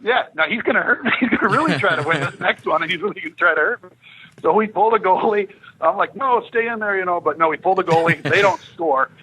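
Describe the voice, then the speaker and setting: Fast, bright-voiced man spinning stories. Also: high voice, slight background noise, poor audio. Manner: animated storyteller who acts out quoted dialogue. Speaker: guest, former pro hockey enforcer. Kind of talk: casual podcast storytelling.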